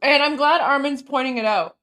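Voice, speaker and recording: A woman hosting a reaction stream, eating while she mockingly comments on a clip and switches between English and halting French. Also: high voice. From Canada. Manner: mocking, scornful and animated. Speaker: host.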